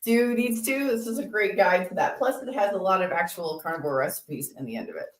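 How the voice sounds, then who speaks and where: A woman's voice: mid-range voice, animated, fairly quick. Woman co-host in an echoey room. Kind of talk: casual livestream talk. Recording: echoey room with faint noise.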